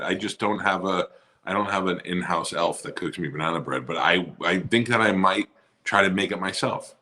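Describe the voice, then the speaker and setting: A man with a very deep voice chats on a podcast, loose and profane and full of jokes. His tone is bright and forceful, with a husky rasp. He rambles from one thought to the next. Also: moderate pace. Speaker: podcast co-host. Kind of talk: casual chat.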